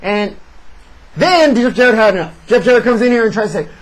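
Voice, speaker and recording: A man reviewing a wrestling show in casual chat, sarcastic and animated as he recaps. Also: sits high, brisk, low-quality recording.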